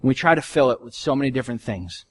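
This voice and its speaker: A male pastor preaching a sermon in an earnest, conversational way, his voice swinging from soft to loud. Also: medium pitch, lively intonation, fast, husky.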